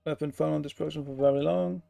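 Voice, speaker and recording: A man's voice: a little high, fairly even intonation, fast, vocal fry, dark tone, no echo, soft background music. A man giving casual gameplay commentary, sarcastic and swearing freely as he plays. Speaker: gaming streamer.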